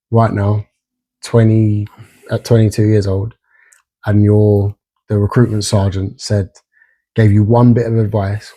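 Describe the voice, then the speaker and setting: A man's voice: fairly low pitch, warm tone. A man hosting a podcast, asking questions and telling stories in a frank, casual way, with free swearing. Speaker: podcast host.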